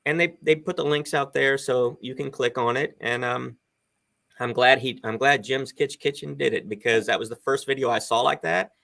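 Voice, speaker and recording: A man in his fifties chats over a video call with a gravelly, fry-edged voice. His tone is bright and forward as he rambles on with enthusiasm, piling one thought onto the next. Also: medium pitch, fairly even intonation, moderate pace. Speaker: guest on a live stream chat. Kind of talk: casual chat.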